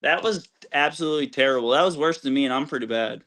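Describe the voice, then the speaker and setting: A man's voice: medium pitch, quick pace, fairly bright tone. A man joining a livestream panel as a guest, arguing in an earnest, pushy way and pressing his point. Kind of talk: casual argumentative panel talk.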